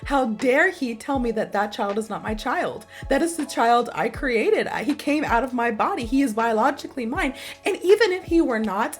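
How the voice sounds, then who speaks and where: A fairly high-voiced American woman teaches an English idiom through a story told with animated emphasis. She repeats herself to drive her points home, and faint music plays underneath.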